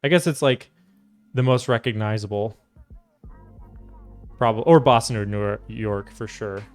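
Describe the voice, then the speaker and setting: A man's voice: on the low side, unhurried, clear, resonant tone, faint music behind. Chatty American man streaming a build. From United States. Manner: relaxed, chatty, reads and answers chat. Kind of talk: casual livestream chat while building a keyboard.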